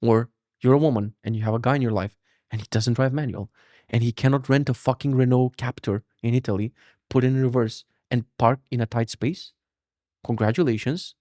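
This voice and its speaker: This young podcast host speaks briskly in a mid-range voice, recorded at studio quality without any echo. He's animated and profane as he casually spins a story, performing voices for comic effect.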